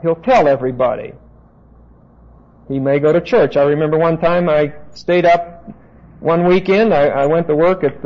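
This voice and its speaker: A man's voice: on the high side, darkish tone. A man teaching a sermon from the Bible, insistent and emphatic, turning to his listeners with asides. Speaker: preacher. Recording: dull lo-fi tape recording.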